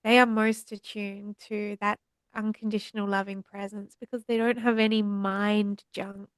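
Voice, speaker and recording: A woman guest on a podcast, teaching about healing in a slow, soothing, meditative cadence. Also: mid-range voice, level tone, smooth, dry recording. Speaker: podcast guest, trauma healer. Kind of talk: spiritual teaching in conversation.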